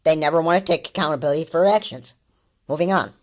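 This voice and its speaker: A woman's voice: sits low, quick pace, background noise. A woman giving casual commentary over video clips, rambling and repeating her points with many fillers.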